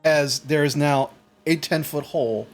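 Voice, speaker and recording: A man's voice: fairly high pitch, measured pace, faint music behind. A man narrating a tabletop game as game master, rambling with restarts. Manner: rambling, full of fillers and restarts.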